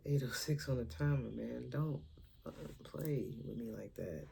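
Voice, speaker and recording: A woman's voice: extremely low pitch, slow pace, creaky, mellow. Woman, casual vlog chat, rambling, frequent laughs, slips into whispers, faint background noise. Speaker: vlogger and stand-up comedian. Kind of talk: casual spiritual chat to camera.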